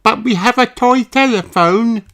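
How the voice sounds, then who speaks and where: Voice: medium pitch, a little slow, heavy background noise, voice pushed up, lightly acted. A reader voicing a polite, eager little girl sheep in a storybook.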